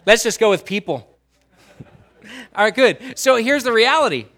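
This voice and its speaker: A pastor preaches a sermon in church, swinging between loud emphasis and quiet, low lines while drawing responses from the congregation. He asks them questions and writes on a whiteboard, speaking expressively at normal speed.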